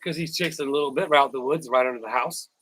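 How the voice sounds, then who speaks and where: A man's voice: mid-range voice, fast talker, fairly bright tone, no room sound, rough recording. A man hosting a casual live stream, rambling, repeating words and thanking viewers by name. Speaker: YouTuber live-stream host.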